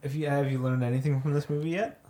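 A man's voice: on the high side, fairly even intonation, fast talker, a crowd in the background. A man chatting casually while watching a film with a friend, making dry jokes. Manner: dry, joking. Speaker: movie watch-along co-commentator. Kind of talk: casual reaction chat.

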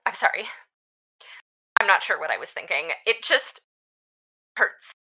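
An actress playing a grieving young woman who talks in a halting, stammering, tearful way. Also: mid-range voice, sharp tone, husky, heavily acted. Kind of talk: audio drama acting.

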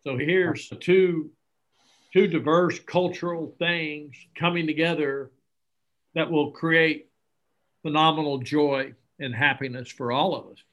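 A man's voice: on the high side, slow pace, muffled recording. A middle-aged man, an interview guest who founded a charity, telling stories earnestly and acting out bits of dialogue. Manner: earnest, animated, acts out dialogue. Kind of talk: conversational storytelling.

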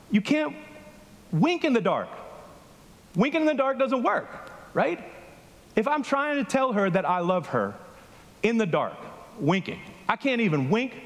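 Animated male preacher in a reverberant hall. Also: high voice. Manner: animated storytelling, questions to the congregation. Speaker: pastor. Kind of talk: conversational sermon. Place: church hall with a congregation.

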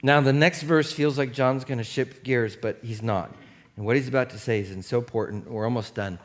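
A man's voice: medium pitch, fairly even intonation, moderate pace. A man in his thirties, a pastor giving a conversational, storytelling sermon that builds into impassioned preaching.

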